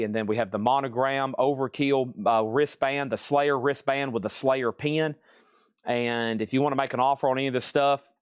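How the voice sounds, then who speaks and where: A man's voice: medium pitch, clean tone, no echo, studio quality. A man hosting a live record sale, talking in a casual, rambling, chatty way. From Tennessee. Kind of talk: live sales stream.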